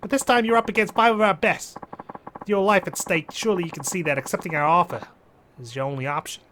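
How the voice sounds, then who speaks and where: A man's voice: sits high, fast talker, background noise, pitched above the performer's own voice, lightly acted. Man putting on a Jersey-accented mob enforcer. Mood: smug, threatening. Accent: put-on New Jersey. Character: menacing male mob enforcer, smug and pushy. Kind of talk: amateur quote reading of game dialogue.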